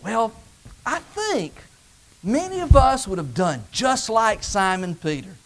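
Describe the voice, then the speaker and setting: High-voiced American man preaching, dramatic swings between loud calls and quiet asides. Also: big pitch swings, slow pace. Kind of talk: sermon.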